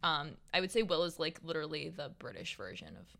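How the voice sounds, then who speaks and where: A woman's voice: low voice, very animated, quick pace, creaky, a bit bright. A young woman co-hosting a casual podcast, gossiping and laughing often. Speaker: podcast co-host. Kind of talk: casual chat.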